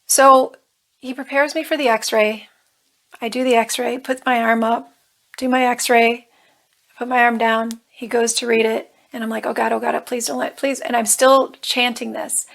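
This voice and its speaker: A woman with a fairly high voice talks straight to camera as a coach. She tells a personal story in an earnest, emotional way and slips in nervous humor. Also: fairly even intonation, a little slow, gravelly, a bit bright. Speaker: life coach.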